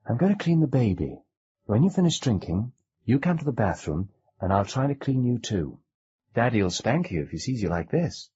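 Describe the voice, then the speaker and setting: A weary young mother coaxing her child in a raised, husky voice, as a man voices her in an audiobook, edging into harshness now and then. The lo-fi cassette sound is dull. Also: mid-range voice, big pitch swings, moderate pace, mellow, dry recording, voice pushed up.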